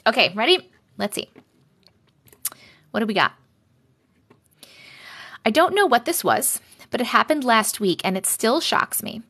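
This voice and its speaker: A chatty woman with a Long Island accent and a slightly high voice hosts a casual live stream and reads viewer stories aloud. She talks bluntly, swears freely and gets riled up easily. Her voice comes through a phone mic held close to her face or clipped to her shirt. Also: sing-song, measured pace, pauses often, fairly bright tone, breathy edge. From Long Island, New York. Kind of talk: casual live-stream chat and story reading.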